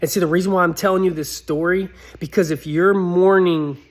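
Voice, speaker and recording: A man speaks in an earnest, pleading monologue, telling his own story. His voice sits a bit on the high side and climbs well higher when he begs. The delivery is heartfelt and direct. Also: steady tone, a little fast. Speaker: motivational speaker.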